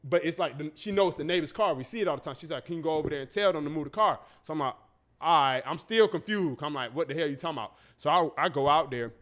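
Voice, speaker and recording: Podcast host, male, light high voice, loose storytelling, lots of cursing and quoted voices. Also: fast talker. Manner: animated, profane, acts out voices in his story. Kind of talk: casual storytelling.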